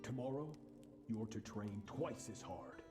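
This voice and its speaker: An actor playing a stern, ruthless male warrior master who speaks in a cold, measured, commanding way, heard in game audio over music. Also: on the low side, lightly acted.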